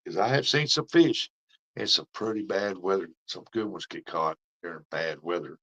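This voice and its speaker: Dull, lo-fi stream audio carries a middle-aged fishing vlogger's low-pitched, slightly bright voice at a moderate pace. He chats easily with viewers in a live session, sharing folksy stories and laughing often.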